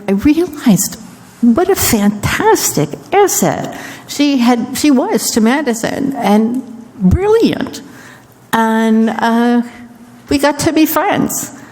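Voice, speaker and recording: A woman council member talks through her report at an easy, unhurried pace. Her voice carries a long reverb from a council chamber. She is chatty and personal. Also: fairly high pitch, darkish tone.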